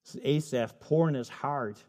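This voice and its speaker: A man's voice: mid-range voice, moderate pace, a little mellow. A middle-aged male pastor preaching a sermon, telling stories with acted voices and emphatic repetition.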